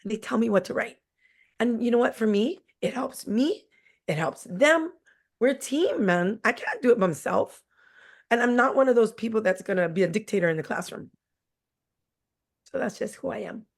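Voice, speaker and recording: A woman's voice: fairly high pitch, sing-song, moderate pace, vocal fry, long pauses. A woman in her forties, a teacher, telling stories from her classroom in a candid, blunt and jokey way. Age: 40s. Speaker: teacher, guest. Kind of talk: candid conversational storytelling.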